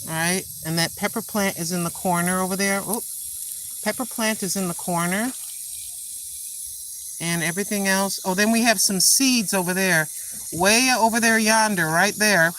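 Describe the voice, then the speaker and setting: A woman's voice: mid-range voice, moderate pace, a bit bright, a little hiss or hum. An older woman chatting casually to viewers while watering her garden outdoors, filming on a handheld phone. She sounds tired and refers to herself as Granny. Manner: chatty, self-talking, calls herself Granny. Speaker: vlogger. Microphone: handheld phone camera.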